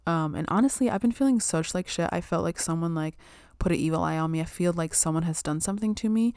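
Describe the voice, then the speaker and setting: A woman's voice: lowish voice, fast talker, a little mellow, clean tone, no echo, studio quality. A young woman chatting casually about spirituality and self-care, full of "like" and "um" and casual swearing.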